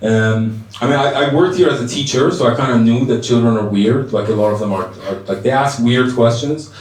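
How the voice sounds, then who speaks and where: A man's voice: medium pitch, brisk. A man from Iran doing a stand-up comedy set in a bar, animatedly telling stories and acting out the dialogue. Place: bar comedy stage, indoors. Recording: roomy bar echo from a distance.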